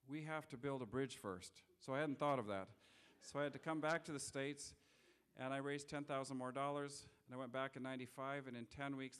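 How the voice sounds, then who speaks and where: A middle-aged man delivers a public lecture with an earnest, unhurried manner, often restarting his sentences. His mid-range voice sounds smooth and clear. He mixes storytelling with appeals to his listeners. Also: mid-range voice. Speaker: guest speaker. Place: lecture hall.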